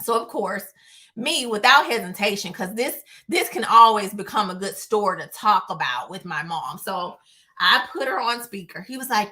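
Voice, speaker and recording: A woman vlogger telling a personal story to her viewers in a casual, animated way, acting out what others said. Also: medium pitch, normal speed. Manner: animated, acts out quotes.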